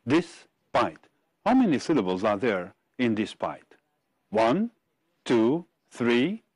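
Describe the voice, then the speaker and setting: A man from Algeria co-teaching an English exam-prep lesson on television, reading words out slowly and deliberately. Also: mid-range voice, huge pitch swings, a little mellow, no room sound. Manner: slow, deliberate word-by-word reading.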